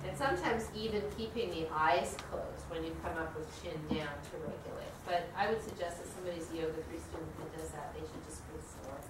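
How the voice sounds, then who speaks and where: A woman's voice: low voice, fast, few pauses. Yoga teacher woman in an echoey room. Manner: conversational, asks the class questions. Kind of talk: teaching a yoga training class. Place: studio room with a group. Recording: echoey room, distant mic, noisy.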